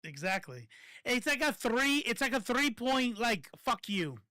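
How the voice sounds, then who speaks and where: A man's voice: extremely high pitch, big pitch swings, unhurried, pushed and bright, dry recording. A man giving casual, profane political commentary that rambles, stopping and restarting often.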